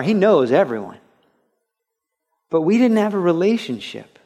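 A man with a somewhat high voice delivers a radio sermon in an earnest, conversational way. He restarts phrases as he talks. He drops to a near hush and then rises into lively storytelling. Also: a little slow. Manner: swings between a quiet, intimate tone and lively, raised storytelling. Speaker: pastor.

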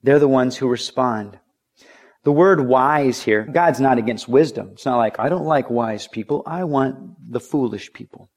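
A middle-aged pastor preaches in an easy, conversational voice with a pitch that is neither high nor low. He slips into the voices of the people in his stories and rises to urgent pleas. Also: normal speed, a little mellow. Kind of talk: sermon.

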